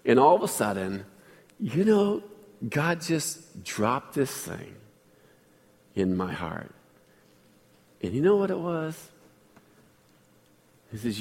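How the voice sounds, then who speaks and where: A man's voice: mid-range voice, big pitch swings, takes it slowly, long pauses, a little mellow, long reverb tail. A man preaching a sermon as pastor, telling a personal story in a chatty way and asking the congregation questions.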